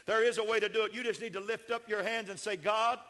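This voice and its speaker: An older man, a pastor preaching a sermon, swinging from shouted, rising builds to soft, folksy storytelling. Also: high voice, fairly even intonation, fast.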